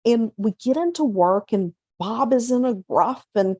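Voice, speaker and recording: A middle-aged woman hosting a casual motivational talk, conversational, acting out inner self-talk and slowing down to stress key points. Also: fairly high pitch, expressive, a little mellow, husky, no room sound, highs cut off. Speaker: hypnotherapist and coach, show host.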